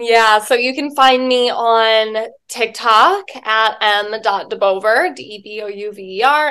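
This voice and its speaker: A woman's voice: mid-range voice, a bit bright, clean tone. A woman guest, a spiritual life coach, chatting casually in an interview, telling stories with lots of filler words and the odd swear.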